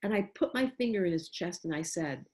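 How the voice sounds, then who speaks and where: A middle-aged woman giving a casual talk to parents as an astrologer, animated and acting out what she would say to a child. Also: on the low side, brisk, background noise.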